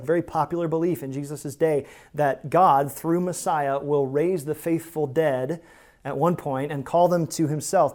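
A man's voice: fairly high pitch, a little mellow. A man preaching a sermon as pastor, emphatic and conversational, with casual asides.

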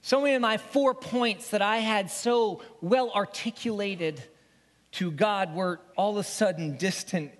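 Slow high-voiced pastor in a hall. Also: male voice. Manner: emotional, swings from pleading to hushed whispers. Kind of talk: first-person dramatic sermon monologue. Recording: long reverb of a large hall.

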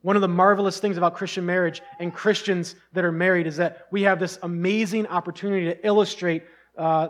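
Middle aged pastor guy giving a sermon, earnest, kinda high voice, talks to the crowd like a friend. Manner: earnest, conversational preaching with bursts of emphasis.

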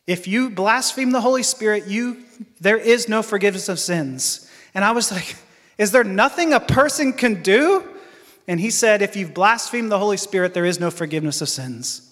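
A man with a high voice gives an earnest sermon built on his own story. He pauses and restarts his sentences often. His voice carries a long reverb, as in a large hall. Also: expressive, a bit bright. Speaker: preacher. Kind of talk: personal testimony sermon.

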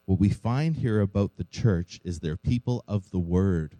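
Casting: male pastor, earnest sermon delivery, low voice, very warm and mellow tone. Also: a little slow, no room sound, poor audio. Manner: earnest preaching with rhetorical questions.

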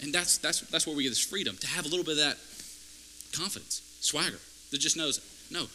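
Male pastor, sermon delivery, piercingly bright tone, chatty to fiery, faint hum under it. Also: a little high, fairly quick, low-quality recording. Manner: conversational, building to fervent emphasis. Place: church.

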